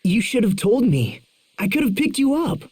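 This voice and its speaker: Woman voicing a husky, earnest young knight. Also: on the high side, sing-song, normal speed, darkish tone, no echo. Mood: stunned. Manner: urgent, disbelieving questions. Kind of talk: game cutscene dub.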